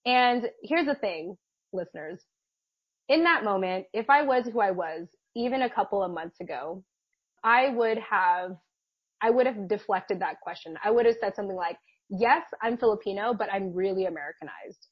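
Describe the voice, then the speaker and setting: A chatty woman co-host tells a personal story in a slightly husky voice, laughing often. The sound is dull and dry, as if from a muffled mic in a small room. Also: mid-range voice, brisk, no echo. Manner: chatty, laughs often, many fillers and restarts. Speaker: podcast co-host. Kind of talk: casual storytelling chat.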